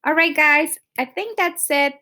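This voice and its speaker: A woman's voice: high-pitched, measured pace. Woman teaching, checking in with "okay?". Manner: relaxed, explaining step by step with frequent "okay?" checks. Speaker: Spanish teacher. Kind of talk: recorded online lesson.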